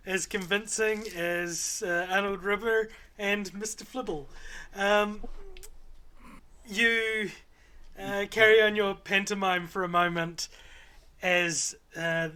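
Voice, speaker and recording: A man narrating as game master of a tabletop game, unhurried and pausing often on fillers. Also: sits high, bright, forceful tone, smooth. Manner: unhurried, many filler pauses.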